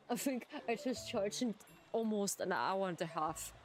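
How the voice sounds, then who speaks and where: Faint music plays behind a German-native woman streamer doing live playthrough commentary. Speaking slowly in a mid-range voice with lively intonation, she reads game text aloud, chats, giggles, and restarts words.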